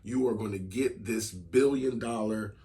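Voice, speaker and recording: A man's voice: on the low side, unhurried, dark tone. A man co-hosting a podcast, talking bluntly in casual chat and swearing freely. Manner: blunt, swears freely, speaks in emphatic bursts. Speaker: podcast co-host.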